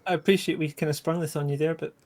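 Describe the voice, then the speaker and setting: A man takes his turn as a player in a tabletop horror game, with a slightly high voice. He rambles and restarts his sentences as he thinks out loud. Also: fairly even intonation, rapid-fire. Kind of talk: casual tabletop play.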